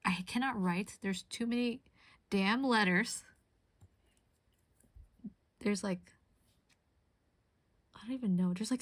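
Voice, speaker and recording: A young woman chats casually on a live stream and drifts from one thought to the next as she answers her viewers. Her voice sits at a middle pitch and sounds close and dry. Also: no room sound. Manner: chatty, rambling, answers chat. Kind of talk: casual chat while crafting on stream.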